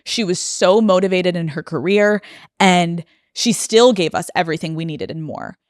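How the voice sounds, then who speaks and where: There's no room sound as this podcast host, an American woman in her thirties, delivers a personal monologue at a moderate pace in a fairly low pitch. She's emotional and candid, with lots of fillers, and sounds on the verge of crying.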